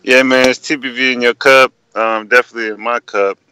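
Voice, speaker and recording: A man calling in to give his opinion, halting and full of fillers. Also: mid-range voice, steady tone, loud music behind the voice, rough recording. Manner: hesitant with many fillers. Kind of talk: casual call-in opinion.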